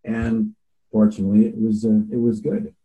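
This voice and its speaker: A man in his sixties speaks as an interview guest, his voice deep in tone and strikingly dark and mellow. He rambles casually, pausing with fillers as he searches for figures. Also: little pitch movement, low-quality recording. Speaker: voice actor guest.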